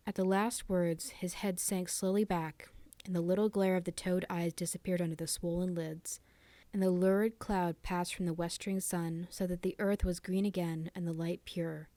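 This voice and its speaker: A woman reading a ghost story aloud for a library storytime, slow and measured, often dropping to a whisper. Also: on the low side, level tone, dark tone, no room sound.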